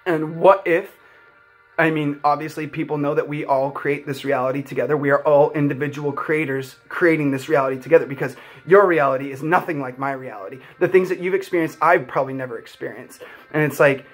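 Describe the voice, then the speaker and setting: A man's voice: on the high side, brisk, soft background music. A young man vlogging, telling a personal story in an earnest, heartfelt, rambling way full of "like" fillers. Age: young adult.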